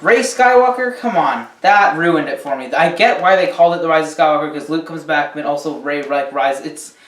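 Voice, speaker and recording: A man's voice: fairly high pitch, fairly quick, fairly bright tone. A man ranting casually about a film, rambling with many ums and the odd swear word. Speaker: movie reviewer. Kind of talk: casual rant review. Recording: echoey room, distant mic.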